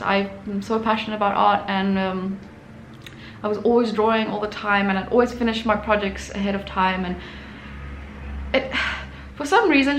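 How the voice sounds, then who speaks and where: A young adult woman, an artist who hosts her own channel, tells a personal story chattily, with plenty of fillers and restarts. Her voice is medium-pitched and a bit bright, recorded in an echoey room with faint noise.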